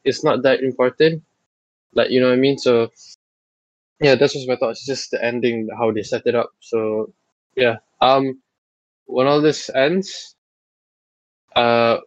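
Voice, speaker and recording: A man hosting a podcast in casual chat, teasing and animated, with lots of fillers. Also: mid-range voice, dry recording, dull audio. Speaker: podcast host.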